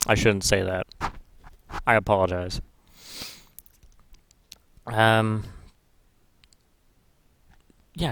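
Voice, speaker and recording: Male gaming vlogger, slow and rambling, dry close sound, crude and self-correcting. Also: fairly low pitch, fairly bright tone, no room sound. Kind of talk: casual commentary.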